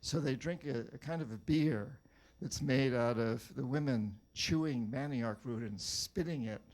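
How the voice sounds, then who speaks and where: Older male author, from New Hampshire, middle pitch, wry anecdotal storyteller who stumbles and repeats words. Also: a little slow, darkish tone. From New Hampshire, USA. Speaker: author giving a talk. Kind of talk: storytelling talk to a live audience.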